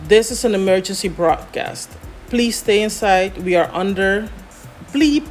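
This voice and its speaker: A woman voicing a female emergency radio announcer, giving a slow, measured warning. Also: medium pitch, faint music behind, natural voice. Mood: urgent.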